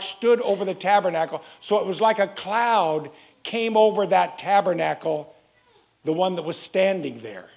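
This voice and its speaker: A man preaching a sermon in an earnest way, repeating phrases and slowing down to stress key words. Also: sits high, creaky.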